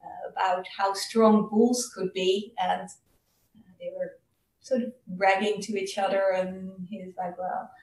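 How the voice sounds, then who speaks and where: A woman casually retelling a Buddhist story during a Dhamma talk, halting and full of fillers. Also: mid-range voice, little pitch movement, a little mellow, a little hiss or hum. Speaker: Dhamma speaker. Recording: roomy, distant mic.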